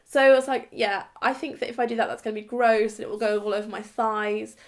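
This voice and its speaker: A young woman vlogger from England tells a story straight to camera in a chatty, giggly, self-mocking way. Her voice sits a little high for a woman. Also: little pitch movement, fast talker. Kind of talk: casual storytime chat to camera.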